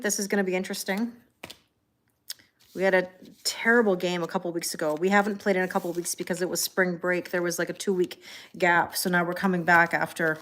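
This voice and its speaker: Woman, livestream host, casual chat, calm, relaxed, chatty, reads comments aloud, thanks viewers. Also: medium pitch. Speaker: tarot reader hosting a livestream.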